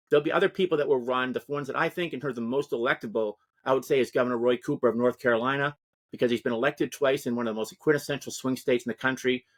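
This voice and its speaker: A man giving an animated, discursive account as an interview guest discussing politics. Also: medium pitch. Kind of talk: casual interview talk.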